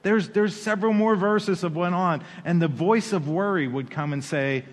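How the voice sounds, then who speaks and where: A man preaching a sermon as pastor, animated, with playful asides and acted-out quoted voices. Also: a little high, brisk, few pauses, big-room sound.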